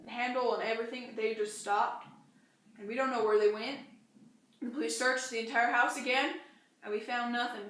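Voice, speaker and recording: A woman's voice: fairly high pitch, fairly bright tone. A young woman casually recounting a story in a plain, run-on way. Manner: plain, run-on "and then" telling. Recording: echoey room.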